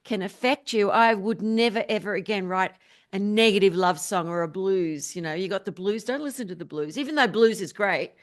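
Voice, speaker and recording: An upbeat middle-aged woman talks as a guest on a podcast. She tells stories with quick laughs and easy enthusiasm. Her pitch sits in the middle range for a woman. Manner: upbeat, laughs often while telling stories. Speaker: podcast guest, musician and spiritual teacher. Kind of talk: casual interview chat.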